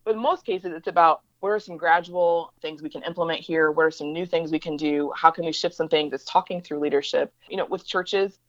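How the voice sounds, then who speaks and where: A woman talks fast and emphatically as an interview guest, slipping into the voices of people she quotes. Her voice sits somewhat low. The recording is dry and a bit dull and lo-fi. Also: steady tone, dry recording. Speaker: interview guest, diversity educator. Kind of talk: conversational interview storytelling.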